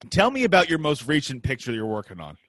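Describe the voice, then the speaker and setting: A male podcast host chats casually, riffing on jokes and telling animated stories. His voice sits on the high side and he talks at a quick pace, recorded with no echo.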